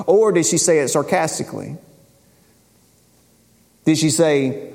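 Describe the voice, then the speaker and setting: A man's voice: fairly high pitch, measured pace, long pauses, darkish tone. Conversational male preacher in a reverberant hall. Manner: conversational storytelling, paraphrasing scripture in casual speech. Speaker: pastor. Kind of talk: sermon.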